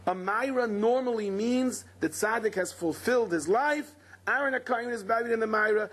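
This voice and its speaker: Husky high-voiced man teaching Torah. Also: fairly quick, fairly bright tone. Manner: dramatic storyteller who acts out quoted speakers. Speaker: rabbi teaching a Torah class. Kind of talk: Torah lecture with storytelling.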